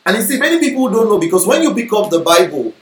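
High-voiced man teaching the Bible. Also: very animated, fast talker, roomy sound, poor audio. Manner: explanatory, checks in with listeners often. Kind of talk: sermon-style Bible teaching.

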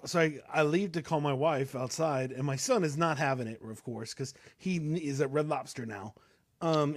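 A young man co-hosting rambles through a casual story, full of fillers and restarts. His voice sits on the high side with a darkish tone, recorded with no room sound.

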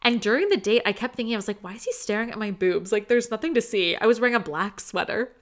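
A young woman co-hosting a casual podcast, telling a dating story in an animated way and quoting herself with dramatic disgust. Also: mid-range voice, quick pace. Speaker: podcast co-host. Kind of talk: casual chat.

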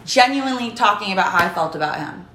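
A woman hosting a casual podcast, venting with lots of swearing in animated storytelling. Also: medium pitch, fast. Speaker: podcast host. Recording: echoey room.

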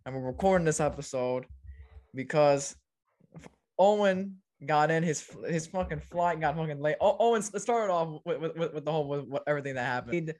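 A man's voice: fairly high pitch, brisk, darkish tone. A young man co-hosting a casual sports podcast, stammering and repeating words, swearing freely. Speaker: podcast co-host.

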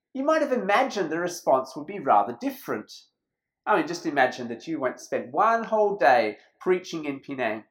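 A preacher delivering a sermon in a church, emphatic and slowing down on key phrases. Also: mid-range voice, rough recording.

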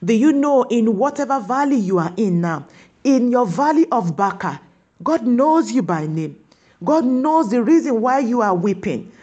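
A woman preaching a sermon, pressing her listeners with repeated questions and slowing down on key words for emphasis. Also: on the high side, big pitch swings, mellow, lo-fi sound.

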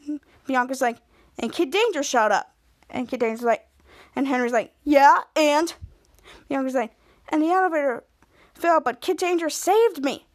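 A woman's voice: high-pitched, normal speed, long pauses. A woman podcast host casually recapping a TV episode, retelling each scene and raising her voice for the quoted lines.

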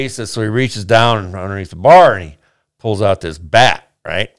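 A man tells a long bar joke in a loose, rambling way, slipping into each character's lines as he goes. His voice is smooth and clear, recorded close and dry. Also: deep voice, expressive, brisk, no echo. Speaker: podcast host telling a joke. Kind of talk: casual joke telling.

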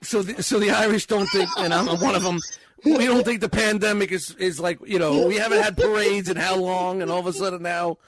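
A man's voice: high voice, fairly quick, crowd noise. A man hosting a casual comedy podcast, joking around and laughing as he teases his guests. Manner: joking, laughing, playfully defensive. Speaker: podcast host.

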